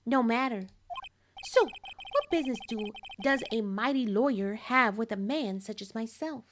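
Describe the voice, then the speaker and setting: A man's voice: very high voice, a little slow, background noise. A woman reading as a pompous male CEO. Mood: haughty. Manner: pompous, condescending. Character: arrogant smug male corporate CEO.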